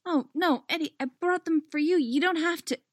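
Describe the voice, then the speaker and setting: A woman voicing a shy, sweet young woman who talks in an earnest, flustered way, pitched well above her own voice. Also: moderate pace, dry recording, studio quality.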